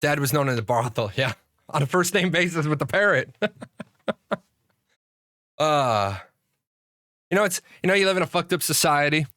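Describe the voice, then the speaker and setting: A man's voice: on the high side, expressive, normal speed, pauses often, sharp tone, dry recording, clean studio sound. A man streaming live, rambling and laughing at his own jokes in casual chat.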